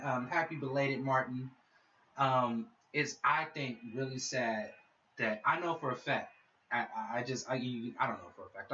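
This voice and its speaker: A man's voice: on the high side, bright, forceful tone, a little hiss or hum. A man hosting his own podcast, delivering a heated, profane solo rant aimed straight at his listeners. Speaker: podcast host. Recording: dull lo-fi sound, mic set back.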